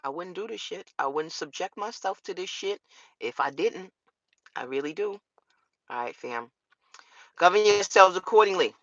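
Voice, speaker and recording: A woman vlogger with a lowish voice rants straight to camera on her law channel at normal speed, swearing and firing off rhetorical questions. The recording has no room sound and its highs are cut off.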